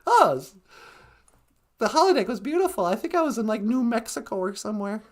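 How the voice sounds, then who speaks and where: High lively playful woman streamer. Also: a little fast. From Minnesota, USA. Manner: playful, laughs often, makes goofy computer beeps. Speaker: live stream co-host. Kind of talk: casual live-stream chat.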